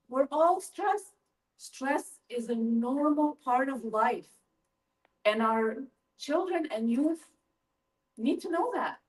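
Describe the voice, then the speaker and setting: A middle-aged woman giving a lively parent workshop talk, asking her audience questions as she goes. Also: a little high. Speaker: school family-engagement presenter. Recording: voice from a distance from the mic.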